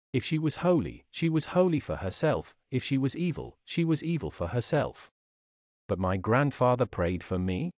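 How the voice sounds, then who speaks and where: A man's voice: mid-range voice, darkish tone, no room sound, studio quality. A man reading a sermon aloud in a solemn, declamatory way, with dramatic rises and falls. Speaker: preacher.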